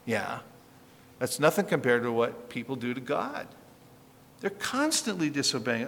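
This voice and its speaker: A man's voice: mid-range voice, sing-song, a little slow, creaky, long pauses, a bit bright, slight background noise. A man preaching a sermon as pastor, emphatic and rising and falling in force, with rhetorical questions. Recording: reverberant hall with faint ambience.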